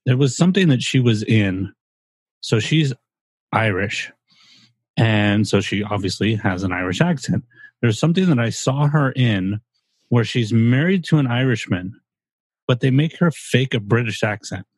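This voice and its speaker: A man's voice: medium pitch, animated, moderate pace, slightly rough, no room sound. A man co-hosting a podcast, casual and blunt, voicing strong opinions with some swearing. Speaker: podcast co-host. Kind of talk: casual chat.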